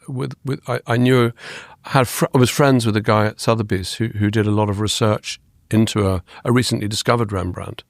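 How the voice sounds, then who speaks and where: Gravelly-voiced man, eager and rambling. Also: medium pitch, no room sound, studio quality. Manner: enthusiastic, rambling with frequent restarts. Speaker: guest, art historian and author. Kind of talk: conversational interview.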